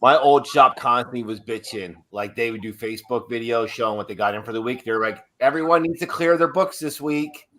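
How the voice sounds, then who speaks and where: A man's voice: mid-range voice, a little fast, hardly any pauses, bright, forceful tone. A man talking bluntly and emphatically with casual swearing in a group chat.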